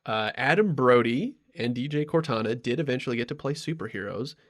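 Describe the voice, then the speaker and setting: A man's voice: medium pitch, expressive, fairly quick. A man hosting a podcast, telling a rambling story in casual chat, full of ums and asides. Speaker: podcast host.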